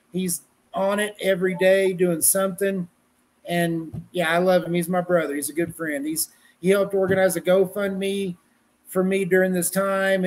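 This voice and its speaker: High-voiced man chatting casually. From Colorado, USA. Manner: rambling, profane, folksy. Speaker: wrestling journalist guest. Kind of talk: casual podcast chat.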